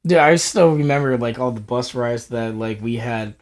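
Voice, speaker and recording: A man's voice: mid-range voice, moderate pace. A young man co-hosting a casual chat, laid back and profane, laughing as he remembers school bus stories. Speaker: podcast co-host.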